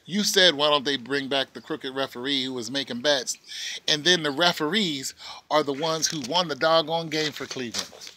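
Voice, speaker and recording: A man ranting casually in a vlog from his porch, animated and mocking, often laughing. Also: fairly high pitch, moderate pace, a little hiss or hum. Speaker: vlogger. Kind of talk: casual opinion rant.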